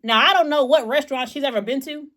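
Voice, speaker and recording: A young woman co-hosting a chatty podcast, telling a work story in a lively, animated way and acting out the people in it. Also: high-pitched, quick pace. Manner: animated storyteller, acts out callers in raised voices. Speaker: podcast co-host. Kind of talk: casual storytelling.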